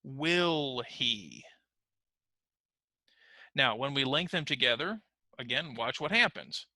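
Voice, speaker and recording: Bright-voiced man teaching pronunciation. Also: mid-range voice, animated, no echo, rough recording. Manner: slow, clear modeling of words for learners to repeat. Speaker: ESL teacher. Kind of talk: online pronunciation lesson. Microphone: computer mic on a screen recording.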